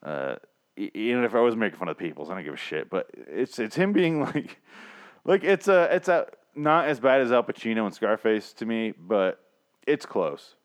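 A man with a lowish voice chatting loosely about movies on a podcast. He rambles, swears a lot and breaks into laughs as he goes. His talk is offhand and unpolished. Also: sing-song, moderate pace. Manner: profane, rambling, laughs often. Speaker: podcast co-host. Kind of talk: casual movie-review chat.

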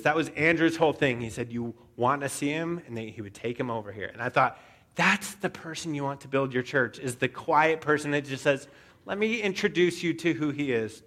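A man preaching a sermon, telling a story with animated asides and frequent stammered restarts. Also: a little high. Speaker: pastor.

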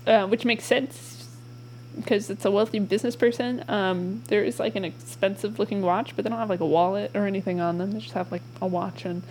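A young woman narrating a tabletop mystery as game master, in a halting, casual way full of ums and likes. Her voice sits at a middling pitch, and a faint hum runs under it. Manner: casual, halting, many fillers.

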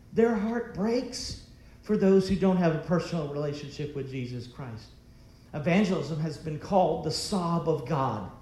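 A man's voice: fairly high pitch, a little mellow, a little hiss or hum. Emphatic preaching man, echoey room. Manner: emphatic preaching with rhetorical questions. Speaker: pastor. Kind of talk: sermon.

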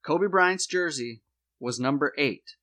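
A man hosting a comedy podcast, laying out a mock conspiracy theory in a deadpan voice with dramatic emphasis. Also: a little high, slow pace.

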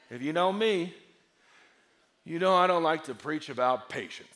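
A man preaching a sermon as pastor, swinging from loud, emphatic lines to hushed ones. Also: on the high side, expressive, normal speed, pauses often.

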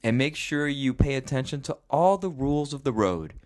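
A man's voice: medium pitch, expressive, moderate pace. Rambling, self-mocking podcast host man. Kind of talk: casual podcast chat.

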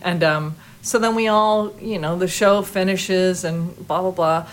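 A middle-aged woman from Chicago, a tap dancer and guest, telling a story casually with excitement and acting out the people in it. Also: lowish voice, measured pace, a little hiss or hum. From Chicago, USA. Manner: excitable, animated, acts out the people in her story.

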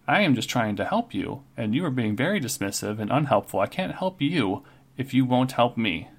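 A man's voice: on the low side, fairly even intonation, moderate pace, lightly acted. A man voicing a prickly, proud female barmaid who scolds a rude guest. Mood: sassy. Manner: scolding, demands manners.

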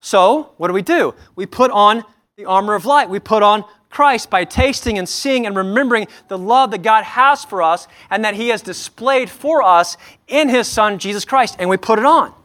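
A man's voice: high voice, moderate pace, a bit bright. A pastor preaching a sermon, earnest, asking his listeners many questions and often repeating and restarting phrases. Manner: earnest, asks the congregation many rhetorical questions.

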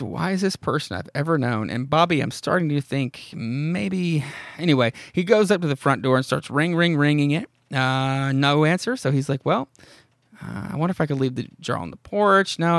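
A man hosting a podcast who rambles through a horror comic recap. His voice sits a little high for a man, and he swears casually and breaks off into amused asides. The recording is close and dry, with no room sound. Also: expressive, normal speed, no room sound. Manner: rambling and profane, reads dialogue aloud with amused asides. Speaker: podcast host.

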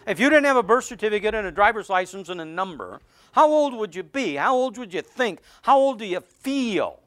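A man's voice: high-pitched, sing-song, brisk, fairly bright tone, no echo, studio quality. A middle-aged man preaching to his congregation in a conversational, joking way, with stammered restarts. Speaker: pastor. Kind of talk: sermon.

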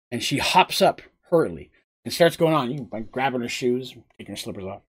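Lively, husky male storyteller. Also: medium pitch, fairly quick. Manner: animated, chatty, asides to chat. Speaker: storyteller recapping a game. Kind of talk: casual storytelling on a live stream.

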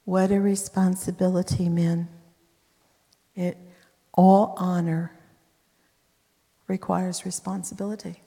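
A woman's voice: fairly low pitch, flat delivery, slow pace, gravelly, pauses often, mellow. A woman preacher retelling scripture in a sermon, emphatic with conversational asides. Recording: long hall reverb.

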